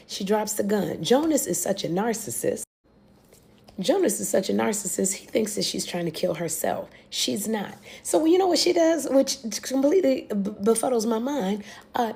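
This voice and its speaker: Young American woman, reaction host, casual recap, gravelly voice, warm dark tone, exclamatory. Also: mid-range voice. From United States. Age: young adult. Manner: animated, exclamatory storytelling with blunt asides.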